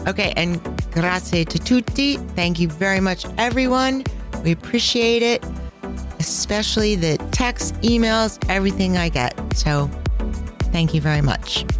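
A middle-aged woman hosting a casual travel podcast, enthusiastic and laughing often, dropping in Italian phrases. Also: medium pitch. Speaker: podcast host and travel planner.

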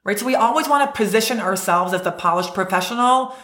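A woman's voice: medium pitch, fast, a bit bright, echoey room. A woman giving emphatic, conversational advice on an interview, telling stories with energy. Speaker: real estate investor guest.

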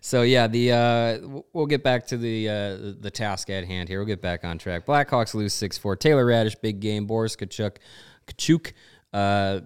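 A man hosting a sports podcast in casual chat. His voice sits on the low side and comes through very smooth and clear, and he keeps a loose, conversational pace with easy fillers. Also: normal speed. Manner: relaxed, talks through bets and scores with fillers.

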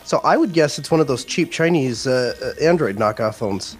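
A man's voice: medium pitch, expressive, moderate pace, slightly rough, faint music behind. A man co-hosting a tech podcast in casual chat, speaking briefly and practically. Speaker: podcast co-host.

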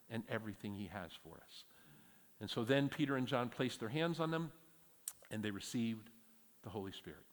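A middle-aged man pastor preaching a sermon, telling stories with animated emphatic peaks. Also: mid-range voice, long reverb tail. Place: church hall.

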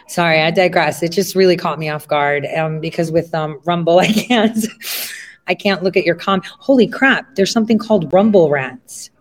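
Rambling woman streamer from Ohio. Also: sits low. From Ohio, USA. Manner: rambling, with many fillers and asides. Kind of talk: casual livestream monologue.

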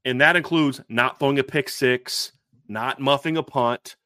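Speaking at a measured pace, a man hosting a sports podcast analyzes football questions in a bright, forceful, clean mid-range voice. He is emphatic and repetitive, often restarting what he says. The sound is dry and studio-clean.

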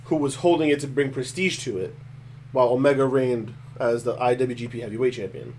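A man co-hosting a casual podcast, talking in an animated, opinionated way and laughing often. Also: medium pitch, fairly quick, a little hiss or hum. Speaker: podcast co-host. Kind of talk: casual chat.

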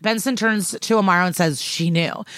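A woman's voice: on the low side, moderate pace, a bit bright, no echo. A woman co-hosting a podcast, retelling a TV episode in casual chat and quoting the characters as she goes. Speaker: podcast co-host.

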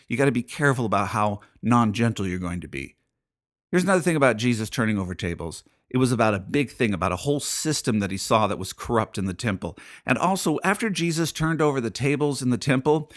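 This podcast host and pastor delivers an emphatic, sermon-like solo monologue, firing off rhetorical questions. His voice is mid-range and a bit bright.

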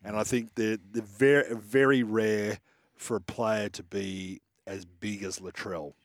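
A man's voice: on the low side, steady tone, takes it slowly, no room sound, clean studio sound. A man, co-hosting a casual sports chat and talking with eager admiration. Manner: enthusiastic, admiring. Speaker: radio co-host.

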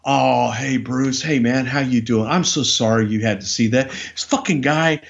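A man's voice: medium pitch, normal speed, vocal fry, lo-fi sound, natural voice. A man quoting an agitated, apologetic big wrestler. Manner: flustered, swinging between anger and apology.

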